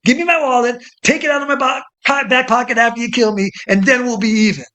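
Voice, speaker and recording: A man's voice: very high voice, steady tone, fast, sharp tone, voice pushed up. A man voicing a blunt, tough older coworker who swears and talks with force. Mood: defiant. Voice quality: emphatic, swearing.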